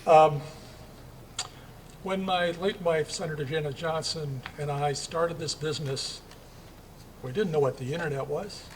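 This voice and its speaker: An older man who owns a local business, speaking plainly from notes at a civic event, with wry asides. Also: a little high. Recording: distant mic with faint background noise.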